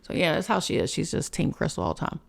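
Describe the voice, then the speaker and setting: A woman with a low, creaky voice speaks at a quick pace. She hosts a spiritual podcast and delivers a frank, emotional personal monologue, swearing freely and chatting with lots of fillers.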